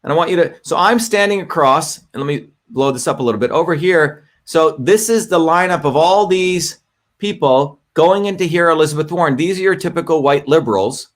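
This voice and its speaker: A middle-aged livestream host with a brisk, higher-pitched voice talks his audience through a clip in casual commentary. He's chatty and keeps checking in with "okay?"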